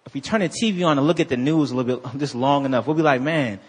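A male pastor preaching a sermon in an animated, conversational way, full of slang and quick restarts. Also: mid-range voice, husky.

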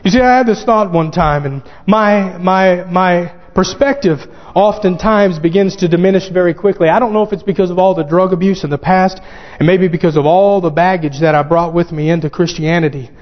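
A man preaching a sermon, fervent and growing excited as he quotes scripture. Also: high-pitched, fairly quick, hardly any pauses. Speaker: pastor. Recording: dull lo-fi sound with long hall reverb.

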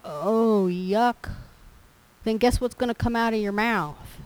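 A woman's voice: on the high side, slow, clear, resonant tone, poor audio. A woman preaching a sermon in a folksy, storytelling way. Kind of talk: sermon with personal stories.

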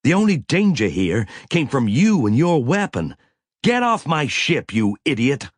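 A man voicing a stern, commanding woman starship captain who snaps sharp orders, raising his pitch well above his own. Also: very animated, normal speed, slightly rough, no room sound, studio quality. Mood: alarmed, furious.

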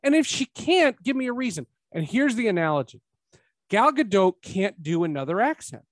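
A man hosting a podcast, chatting casually about a film and rising to emphatic, animated points. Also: high voice, moderate pace, no echo. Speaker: podcast host. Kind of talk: casual film review chat.

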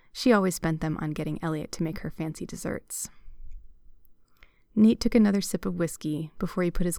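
A woman narrating a piece of fan fiction aloud with steady, even delivery. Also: on the low side, creaky, no echo, clean studio sound.

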